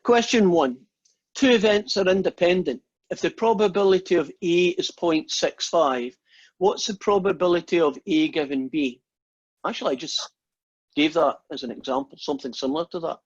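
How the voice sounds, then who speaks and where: A husky-voiced man gives a casual, joking math lecture over a video call. He chats with plenty of fillers and false starts. His pitch sits a little high, and the sound is dull and lo-fi. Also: moderate pace. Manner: chatty, joking, with many fillers and restarts. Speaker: math teacher. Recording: dull lo-fi online call audio.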